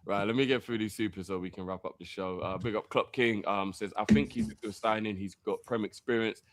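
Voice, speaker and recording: A man hosts a live fan show. He chats, teases the others and reads out viewer messages with lively energy. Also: lowish voice, dry recording. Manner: animated, laughing, quick to tease. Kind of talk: casual live-stream banter and reading viewer messages.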